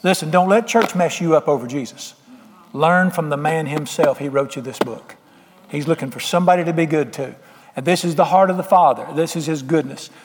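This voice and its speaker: A man's voice: on the high side, fairly quick, husky, in a large hall. A man preaching a sermon, folksy, plain-spoken and emphatic with homespun sayings. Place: church sanctuary.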